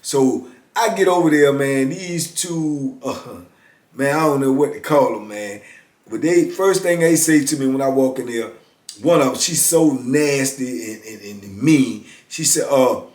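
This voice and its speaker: A man's voice: mid-range voice, a little slow. A middle-aged man casually telling a story from his past, speaking colloquially and acting out what others said. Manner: animated, colloquial, acts out others' lines. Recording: roomy echo.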